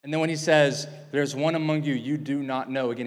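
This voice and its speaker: A man's voice: medium pitch, level tone, fairly quick, hardly any pauses, big-room sound. A man preaching a sermon, teaching with big swings in volume and emphasis. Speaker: pastor.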